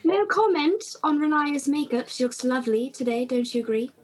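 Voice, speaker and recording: A woman's voice: high-pitched, lively intonation, normal speed, faint music behind. A woman playing a tabletop game who talks playfully and teasingly. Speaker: player. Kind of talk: casual tabletop role-play.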